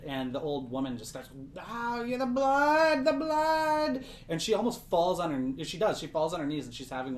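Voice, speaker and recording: A man narrating as game master of a tabletop game, loose and chatty with plenty of fillers. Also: medium pitch. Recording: roomy echo with faint background hiss.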